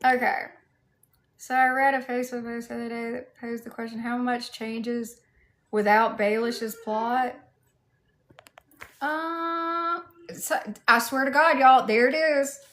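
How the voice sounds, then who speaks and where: A woman's voice: a little high, steady tone, takes it slowly, fairly bright tone. A woman with a Southern US accent chatting casually on a livestream, reading out viewers' comments and greeting them in a playful, sassy way. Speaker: livestreamer in cosplay.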